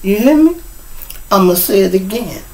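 A man runs his own live show, telling stories straight to his audience. His voice sits a little high for a man, and he swings from low mutters to sudden loud outbursts. He cusses freely all the way through. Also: lively intonation, moderate pace, vocal fry, rough recording. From Chicago. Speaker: show host and storyteller. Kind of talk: casual monologue to a live audience. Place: home room.

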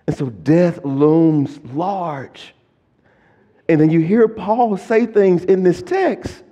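A middle-aged man, a pastor preaching a sermon and swinging between quiet, low passages and loud, emphatic lists. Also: slow, highs cut off. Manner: preaching with rising and falling intensity, stressing word lists. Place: church sanctuary. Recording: long church hall reverb.

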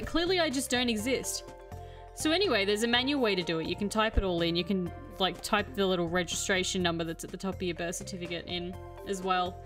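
A woman's voice: mid-range voice, animated, normal speed, a bit bright, soft background music. Chatty young woman streamer. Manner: chatty, exasperated storytelling with swearing. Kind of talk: casual gameplay chat.

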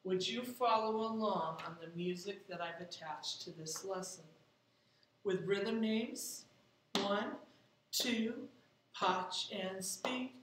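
A woman's voice: mid-range voice, slow pace, slight background noise. A woman teaching a music lesson to children at home, patiently explaining and counting out rhythm syllables. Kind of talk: distance-learning music lesson. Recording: echoey room, mic at a distance.

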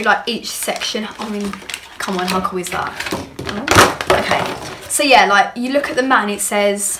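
A young woman chatting through an unboxing as a beauty vlogger, bubbly and rambling as she gushes. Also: a little high. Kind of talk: casual unboxing chat. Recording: clear background noise with clicks.

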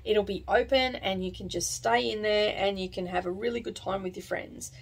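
Woman vlog host, middle-aged, casual rambling chat with lots of fillers, medium pitch. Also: fairly even intonation, moderate pace, creaky. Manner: rambling, chatty, many fillers and asides.

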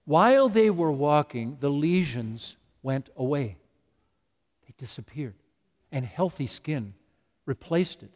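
A man's voice: a little high, animated, takes it slowly, a little mellow. A man preaching a sermon as pastor, emphatic and repetitive. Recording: long reverb of a large hall.

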